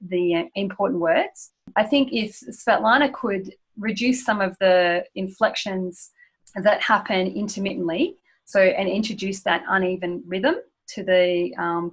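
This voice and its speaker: A woman's voice: medium pitch, poor audio. An Australian woman accent coach explaining pronunciation tips in a conversational way. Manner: explanatory, gives spoken examples.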